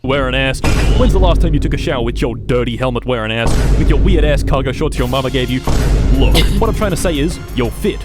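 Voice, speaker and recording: Man voicing a rude trash-talking game character, scornful insults over loud game music. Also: medium pitch, lively intonation, fast, lightly acted. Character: insulting male character mocking the player. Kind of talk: comedic video game summary voiceover.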